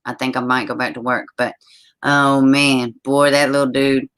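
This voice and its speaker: A young adult woman hosting a casual live-stream chat, blunt and animated, swearing freely. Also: very deep voice, normal speed, clear, resonant tone. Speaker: channel host.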